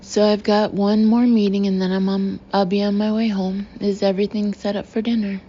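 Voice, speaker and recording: A woman voicing a smooth, confident husband who talks briskly and reassures, in an audiobook reading. The tone is mellow and a little dark. The recording sounds slightly muffled. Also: medium pitch, flat delivery, a little hiss or hum, close to an everyday voice.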